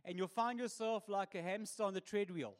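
South african pastor, high voice, chatty joking sermon. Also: male voice, fairly quick. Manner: conversational, humorous preaching.

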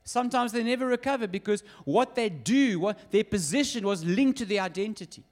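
Pastor, high-pitched man, animated sermon storytelling. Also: brisk. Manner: lively storytelling with acted quotes.

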